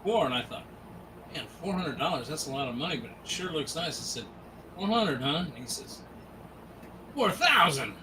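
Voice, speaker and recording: A man on a gaming podcast telling an animated anecdote in casual chat. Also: fairly high pitch, fast, recorded from a distance, background noise. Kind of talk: casual storytelling.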